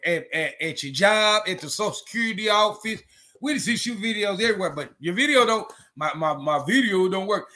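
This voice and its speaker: A dog breeder rants heatedly to camera in a confrontational way, repeating himself and restarting his words. His voice is high-pitched, pushed and bright.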